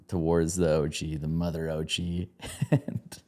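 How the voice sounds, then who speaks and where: Very deep, mellow-voiced man chatting casually. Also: flat delivery, measured pace. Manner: laughs often, rambling with many fillers. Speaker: podcast co-host, movie reviewer. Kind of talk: casual review chat.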